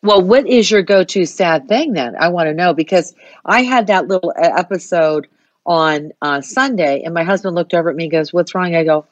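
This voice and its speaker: Chatty woman host with a lower voice. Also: normal speed, no room sound, dull audio. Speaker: interview host. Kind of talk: casual interview chat.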